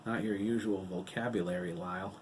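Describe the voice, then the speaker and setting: A man's voice: low-pitched, fairly even intonation, fairly quick, a little mellow, slight background noise, lightly acted. A man reading the part of a wry, anxious woman in an audiobook.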